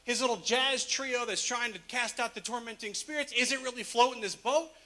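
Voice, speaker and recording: Preaching his sermon as relaxed, joking storytelling, a pastor laughs as he goes along. His voice is high for a man, with a bright, forward edge, and his pace is normal. He comes across as chatty and easygoing at the pulpit.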